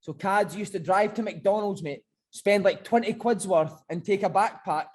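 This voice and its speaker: A man and former footballer hosting a podcast, telling animated stories full of swearing. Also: high-pitched, moderate pace, breathy edge. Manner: animated, swearing, keeps saying mate. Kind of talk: casual chat and storytelling.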